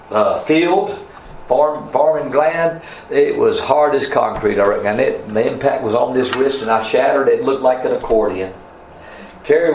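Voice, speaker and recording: Male preacher, mid pitch, sermon delivery, echoey hall with faint noise. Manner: rises in pitch for emphasis, quotes scripture in old wording. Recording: roomy echo, faint room noise.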